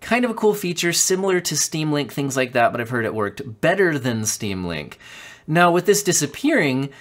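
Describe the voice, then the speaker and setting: A man with a head cold talks through tech news in a casual, chatty way, often stopping with ums and restarting his sentences. His pitch moves around a lot as he talks. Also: sing-song, moderate pace, fairly bright tone. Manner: chatty, with many ums and self-corrections. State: has a cold. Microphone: studio condenser mic.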